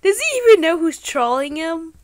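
A woman giving excitable, slangy commentary over her own gameplay, bursting into exclamations. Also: very high voice, normal speed. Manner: playful trolling banter, slangy. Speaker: gaming channel host.

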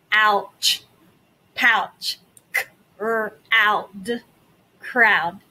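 A woman teaches young children phonics, stretching out each sound at an unhurried pace. Her voice is bright and forward, with a cheerful, encouraging classroom manner. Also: a little high. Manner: slow, deliberate enunciation of sounds and words.

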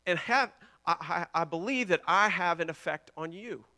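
A man preaching a sermon with passion, repeating words and swinging between loud declarations and hushed lines. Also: high-pitched, moderate pace. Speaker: pastor.

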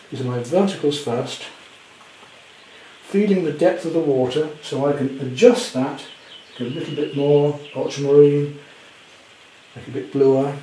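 A man demonstrating a painting at home, chatty with gentle self-deprecating humour. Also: medium pitch, reverberant, slight background noise, rough recording. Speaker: art teacher. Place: indoor studio at home.

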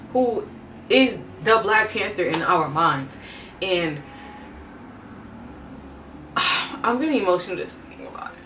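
A young woman hosting a casual music reaction vlog, expressive and emotional, talking straight to her viewers. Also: fairly low pitch, a little hiss or hum. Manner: expressive, emotional, laughs often. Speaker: reaction video host. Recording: echoey room, mic at a distance.

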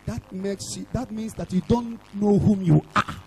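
A Nigerian man preaching a fiery revival sermon, shouting and chanting lines for the crowd to repeat. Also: high-pitched, fairly even intonation, measured pace, noisy background. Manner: shouting, sing-song call-and-response preaching. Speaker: evangelist preacher.

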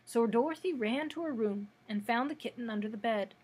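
Woman librarian, read-aloud narration, husky and slightly high. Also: brisk. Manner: steady, expressive storytelling. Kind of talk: reading a children's book aloud.

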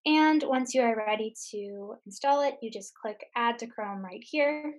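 A woman tech tutor giving a screen-share software lesson, explaining each step patiently. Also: a little high, a little slow. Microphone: computer mic on a recorded webinar.

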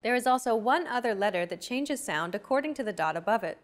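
A woman's voice: a little high, expressive, quick pace. Woman hosting a scripted language lesson. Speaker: lesson host.

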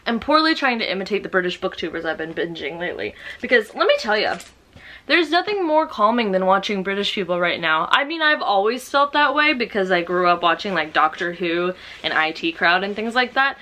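A young woman from the United States chatting casually in a book vlog, excitable and self-mocking. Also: medium pitch, fairly quick. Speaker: book vlogger.

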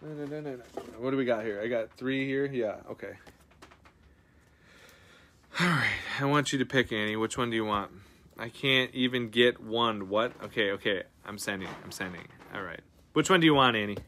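Male stream host, excitable and slangy, bright forward tone, swings loud to hushed. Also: medium pitch, normal speed, slight background noise. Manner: excitable, swings from loud outbursts to breathy mutters; slangy, says dude and bro a lot. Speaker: card-breaking stream host. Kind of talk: casual live-stream chat.

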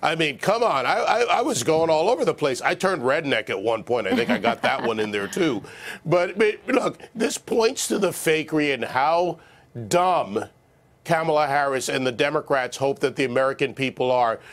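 A man's voice: fairly high pitch, lively intonation, moderate pace. A man commenting on a television panel, sarcastic and mocking, cracking jokes.

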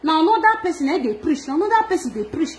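Nigerian Pidgin woman, high voice, animated gossip vlogger, laughs and scolds often. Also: rapid-fire, a little hiss or hum. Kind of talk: casual gossip monologue.

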